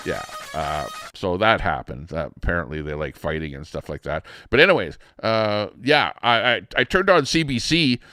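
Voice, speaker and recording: A man's voice: deep voice, animated, normal speed, hardly any pauses, bright, forceful tone, dry recording, clean studio sound. A middle-aged man ranting casually as a livestream host, rambling with many fillers and restarts in an indignant tone.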